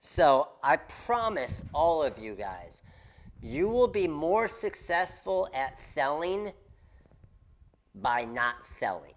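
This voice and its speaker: A man hosting a casual craft business livestream, coaching viewers in an animated, emphatic way and repeating his key points. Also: a little high, slow pace.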